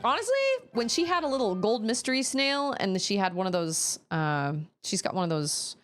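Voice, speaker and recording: A woman streaming a video game, chatting casually and reacting with quick exclamations as she plays. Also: mid-range voice, soft background music. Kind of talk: live-stream gaming commentary.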